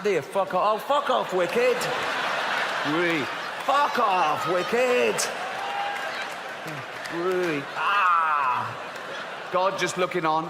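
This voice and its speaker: A man doing stand-up comedy, reading a children's Bible aloud with sardonic, sweary asides. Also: in a large hall. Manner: sardonic, sweary asides, jumps to high squeaky outrage. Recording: live show, audience laughter and crowd noise.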